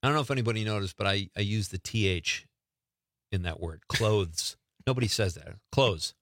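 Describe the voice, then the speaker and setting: A man's voice: lowish voice, expressive, fast, fairly bright tone, dry recording, studio quality. A man hosting a show, chatting casually and joking at his own expense. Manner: chatty, joking, self-deprecating. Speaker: show host. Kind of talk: casual radio-style chat.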